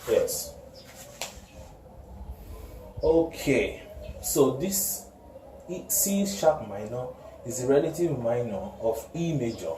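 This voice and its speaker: A man teaching a music lesson, slowly naming notes and intervals and often correcting himself. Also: medium pitch, big pitch swings, mellow, far from the mic. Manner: slow, repeats note names and corrects himself. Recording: echoey room, voice from off-mic, noisy.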